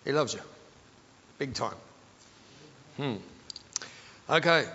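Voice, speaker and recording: A man's voice: medium pitch, expressive, slow, long pauses, sharp tone. A man preaching a sermon, leading the congregation to repeat phrases back to him. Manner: leads the congregation in call-and-response. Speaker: pastor. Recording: echoey hall, dull sound.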